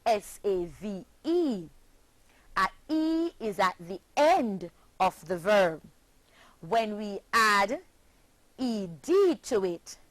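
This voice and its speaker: A woman teaching an English pronunciation lesson, spelling out words letter by letter in a slow, deliberate way. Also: mid-range voice, dry recording. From Jamaica.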